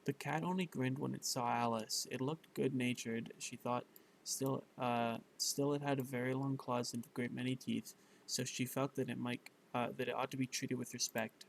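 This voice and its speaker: A man's voice: medium pitch, steady tone, moderate pace, vocal fry, a little hiss or hum, rough recording. A man reading a bedtime story aloud, stumbling over words and correcting himself, with fillers along the way.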